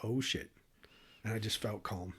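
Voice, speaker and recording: A man's voice: fairly low pitch, steady tone, a little slow, a bit bright, slightly rough. A man co-hosting a podcast, telling a story in a candid, emotional, profane way and laughing often. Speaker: podcast co-host. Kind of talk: casual storytelling chat.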